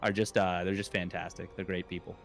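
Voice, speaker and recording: A man's voice: sits low, flat delivery, a little fast, creaky, faint music behind. A young adult man casting an esports match in a casual, rambling way, with jokes and many fillers. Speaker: esports caster. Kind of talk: casual play-by-play commentary.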